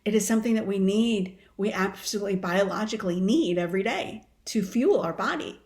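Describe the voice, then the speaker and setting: A woman in her fifties, a wellness coach, telling her story in an animated, expressive way during a casual interview. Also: medium pitch, fairly quick.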